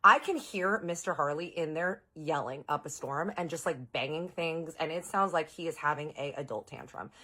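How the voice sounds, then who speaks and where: A woman telling a story casually to her audience, animated and chatty, jumping into exaggerated quoted voices. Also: low-pitched, moderate pace, hardly any pauses.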